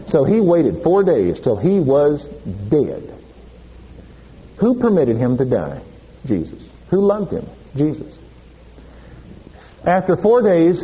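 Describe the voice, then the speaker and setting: A man's voice: a little high, dark tone, breathy edge, muffled recording. A male preacher giving a sermon, asking the congregation questions and answering them himself.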